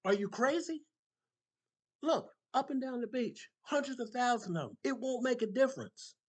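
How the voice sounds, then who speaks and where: A husky-voiced man playing an angry, hot-tempered man on a beach who shouts in exasperation. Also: very high-pitched, expressive, moderate pace, pitched above the performer's own voice.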